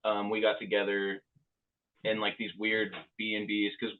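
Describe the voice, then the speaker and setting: An easygoing man from Louisville answers interview questions, pausing with plenty of ums. His voice sits low. The sound is thin and tinny, like a phone line. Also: monotone, a little hiss or hum. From Louisville, Kentucky. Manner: easygoing, hesitant, many ums. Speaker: band member guest. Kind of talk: casual interview chat.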